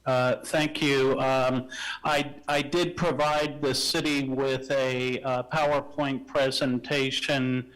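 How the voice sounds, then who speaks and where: Halting man on a video call. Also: mid-range voice, little pitch movement, fairly bright tone, smooth, rough recording. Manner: hesitant, repeats words while restarting. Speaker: project applicant's representative. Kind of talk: remote presentation at a council meeting.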